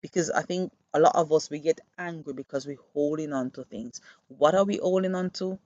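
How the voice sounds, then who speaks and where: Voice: mid-range voice, a little fast, darkish tone, no room sound. A podcast host who works with children gives an earnest, reflective monologue and explains through classroom stories. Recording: dull, muffled dry recording.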